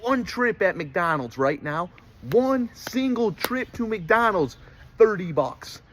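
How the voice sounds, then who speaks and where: A young man from the United States rants in a comic monologue, sitting noticeably high in his range. He sounds exasperated and animated. He keeps dropping into little mimicking voices for the people he makes fun of. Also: slow pace, a little hiss or hum. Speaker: comedian. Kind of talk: comedic rant monologue.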